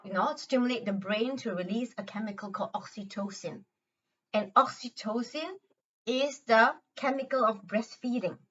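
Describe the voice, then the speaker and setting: A woman explaining a calming exercise in an earnest manner, often repeating words and restarting her sentences. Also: a little high, far from the mic, lo-fi sound. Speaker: health educator. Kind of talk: instructional talk guiding a self-help exercise.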